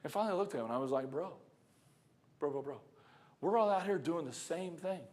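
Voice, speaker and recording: In a church sanctuary, a man delivers a storytelling sermon, recounting a work story in a casual, chuckling, conversational way and speaking directly to the congregation. His voice is fairly high and a little mellow, brisk, with lively intonation.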